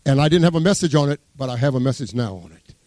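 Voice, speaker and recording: A man preaching a sermon as pastor, fervent, swinging between loud exclamations and hushed asides as he reads scripture. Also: mid-range voice, expressive, fast talker, no echo. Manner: exclaims praise words, reads scripture aloud.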